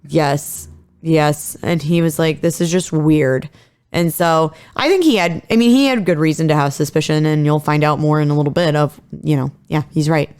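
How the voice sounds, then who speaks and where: A woman in her thirties recounts a true-crime story on a podcast, chatty and loose with fillers and the odd swear word. Her voice comes through smooth and clear. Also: low voice, moderate pace, a little mellow. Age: 30s. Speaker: podcast co-host.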